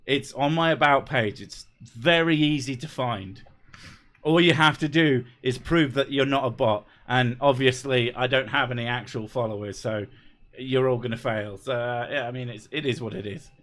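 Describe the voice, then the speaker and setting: Casting: male YouTuber in a laid-back live-stream chat, sweary, quick to laugh, mid-pitched voice. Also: fairly bright tone.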